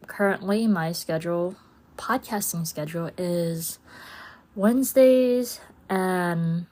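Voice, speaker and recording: Slow-talking, laid-back woman podcaster. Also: medium pitch, darkish tone. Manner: chatty and rambling, with frequent laughs and playful inner-voice asides. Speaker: podcast host. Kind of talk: casual solo podcast chat.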